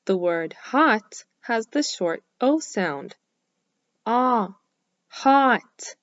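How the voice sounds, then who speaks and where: A woman teaching phonics to young children, speaking slowly and clearly, with lots of encouraging praise and drawn-out vowel sounds. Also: mid-range voice, very animated, no room sound, muffled recording. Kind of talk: slow, clearly enunciated lesson for young children.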